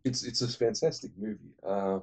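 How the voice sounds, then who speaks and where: Brief: a low, husky-voiced man chatting casually about his favourite films. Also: normal speed, a little mellow. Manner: rambling, enthusiastic, many fillers. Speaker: movie reviewer. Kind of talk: casual movie recommendations.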